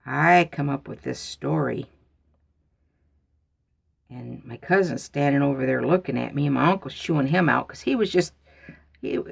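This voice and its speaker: A woman telling a folksy childhood story in a casual, drawn-out way to her viewers. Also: sits low, gravelly. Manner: folksy, drawn-out, animated when quoting.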